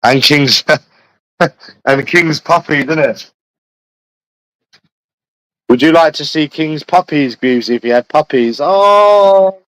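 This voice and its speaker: A man's voice: medium pitch, slow, long pauses, a bit bright, no room sound, low-quality recording. Foul-mouthed English man rambling on stream. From London, England. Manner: crude, swears constantly, addresses viewers by name. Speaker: livestreamer. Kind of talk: rambling casual livestream chat.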